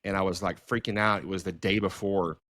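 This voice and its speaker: Low-voiced man telling animated stories. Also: brisk, dry recording, clean studio sound. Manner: animated storyteller, many fillers and restarts. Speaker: filmmaker and podcast host. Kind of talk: casual storytelling conversation.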